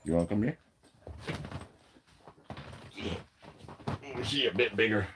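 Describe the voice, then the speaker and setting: A man chatting casually on a live stream at home, rambling excitedly with lots of filler words. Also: lowish voice, slow pace, noisy background. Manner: rambling and excited, heavy use of "like". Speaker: YouTuber reacting to an anime episode. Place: at home with his dogs.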